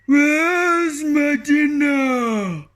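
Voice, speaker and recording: A woman reading a storybook and voicing a huge, greedy one-eyed ogre who roars and bellows slowly. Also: high voice, lively intonation, a bit bright, voice pushed up, heavily acted. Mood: roaring. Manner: roaring, drawn-out bellowing.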